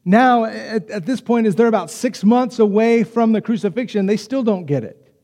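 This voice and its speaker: High-voiced preacher in a reverberant hall. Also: male voice. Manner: conversational, animated preaching with quick acted asides. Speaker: pastor. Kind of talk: sermon.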